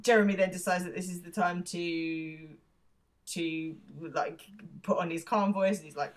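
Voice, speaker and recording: A woman's voice: on the low side, fairly even intonation, normal speed. A woman co-hosting a podcast, recapping a show in casual chat and often laughing as she acts out lines. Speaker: podcast co-host.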